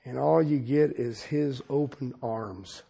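A man delivers a sermon in a folksy, funny style, speaking directly to his congregation and shifting between loud exclamations and hushed, personal asides. His voice is medium-pitched, slow, and creaky with a breathy edge.

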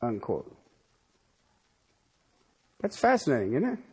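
A man's voice: mid-range voice, huge pitch swings, takes it slowly, breathy edge. A man preaching a sermon, emphatic and full of rhetorical questions, often stopping to check in with his listeners. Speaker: pastor.

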